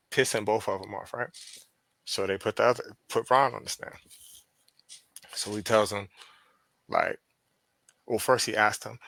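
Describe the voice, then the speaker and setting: A man with a Pennsylvania accent, a podcast guest telling a story in casual chat, profane and animated as he acts out quoted dialogue. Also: deep voice, vocal fry, no echo.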